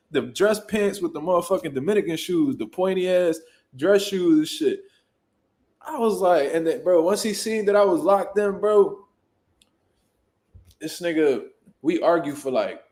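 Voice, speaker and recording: A man, a boxing trainer, telling a story in casual, profane, animated talk and loudly acting out what people said. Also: high-pitched. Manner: profane, animated, jumps into loud acted-out quotes.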